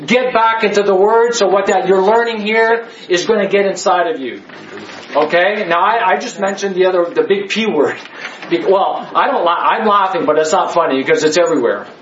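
Guy teaching bible class, kinda high voice, echoey dull hall sound. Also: a little fast, a bit bright, slight background noise. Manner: emphatic, joking, rhetorical questions. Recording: echoey, slightly dull room.

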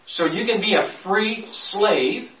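A man gives a casual Bible teaching, with a higher-than-usual voice for a man. He draws out important words slowly and then hurries through side stories. The sound is dull and roomy, picked up from some distance. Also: animated, a bit bright. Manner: stretches key words slowly, rushes through asides. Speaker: preacher.

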